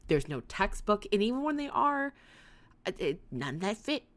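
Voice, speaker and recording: A woman streamer chatting casually to her viewers at a middle pitch. She rambles and jumps between thoughts, with a dry, sarcastic edge. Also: very animated, normal speed, a bit bright. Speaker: livestream host. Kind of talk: casual livestream commentary.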